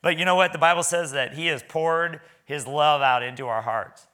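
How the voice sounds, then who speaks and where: Bright-voiced man preaching a folksy sermon. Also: on the high side, moderate pace. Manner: conversational, folksy, stammering restarts. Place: church.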